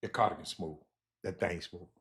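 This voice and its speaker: A man's voice: sits low, normal speed, a bit bright. A man hosting a show in loose casual chat, laughing often and repeating words as he talks up clothing. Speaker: show host.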